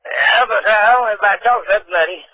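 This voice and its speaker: Gruff, irritated man on a tinny phone. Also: high voice, a little fast, no echo. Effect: phone line. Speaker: prank call target.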